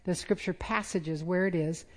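Mellow-voiced woman preaching. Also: fairly low pitch, fairly even intonation, normal speed. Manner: conversational, self-deprecating humor. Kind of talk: sermon.

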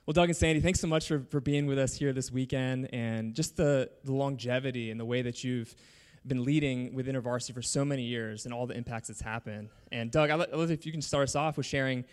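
A man's voice: mid-range voice, steady tone, a little fast, clear, resonant tone. Earnest man hosting a church service. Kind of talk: introducing guests and leading prayer.

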